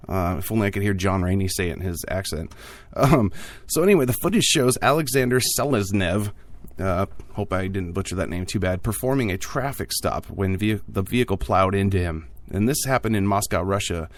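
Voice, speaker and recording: Low-voiced man hosting a casual podcast. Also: animated, brisk, hardly any pauses, no echo. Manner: jokey, offhand asides with frequent fillers. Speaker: podcast host. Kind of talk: casual tech news podcast.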